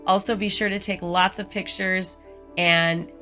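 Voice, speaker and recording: Bright-voiced woman giving friendly travel tips. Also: medium pitch, steady tone, measured pace, faint music behind. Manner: earnest, encouraging, chatty with frequent "you know". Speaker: travel vlogger. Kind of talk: casual advice vlog.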